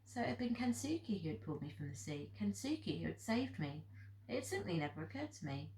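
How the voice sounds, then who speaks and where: A woman reading a children's novel aloud in a steady, plain narrative voice, recorded in an echoey room. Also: lowish voice, fairly quick. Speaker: audiobook reader. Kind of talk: storybook narration.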